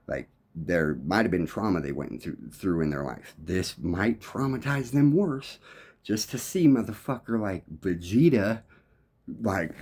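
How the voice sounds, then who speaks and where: A man's voice: deep voice, darkish tone. A man talking in a loose, rambling monologue, swearing constantly and restarting his sentences a lot. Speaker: musician.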